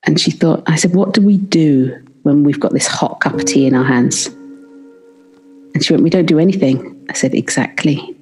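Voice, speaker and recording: A woman's voice: deep voice, normal speed, music in the background. A British woman who works as a midwife, telling a story in a podcast interview and acting out the dialogue she quotes. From Britain. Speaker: midwife guest.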